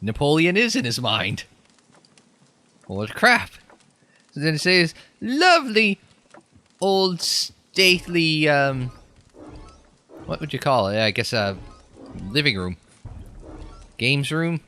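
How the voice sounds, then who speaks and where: A man's voice: on the high side, very animated, slow pace, long pauses, sharp tone, soft background music. A young man giving casual, joking let's-play commentary, sarcastic and rambling. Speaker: game commentator.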